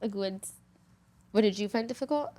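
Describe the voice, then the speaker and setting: A young adult woman speaks on a casual podcast at a mid-range pitch, neither high nor low. She talks candidly and from the heart, with "like" running through her sentences. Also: moderate pace, mellow. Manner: candid, heartfelt, filler-heavy with frequent "like".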